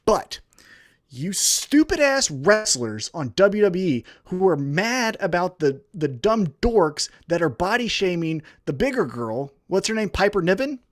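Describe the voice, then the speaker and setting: A high-voiced man rants with heat, his pitch leaping all over as he swears his way through a complaint. He sounds like a podcast co-host in full flow. The sound is dry and close. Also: big pitch swings, a little slow, no echo. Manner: heated, profane, ranting. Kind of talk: profane wrestling podcast rant.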